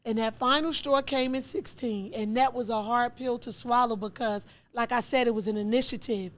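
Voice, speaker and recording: Animated storytelling woman. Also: normal speed. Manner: animated, acts out dialogue with rising pitch. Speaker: podcast host telling her own story. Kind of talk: candid storytelling interview.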